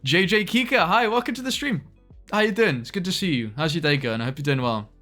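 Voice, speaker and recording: A man's voice: high voice, animated, fast talker, bright, forceful tone, soft background music. A young British man streaming live, chatting casually to viewers, greeting them by name, laughing often and trailing off mid-sentence.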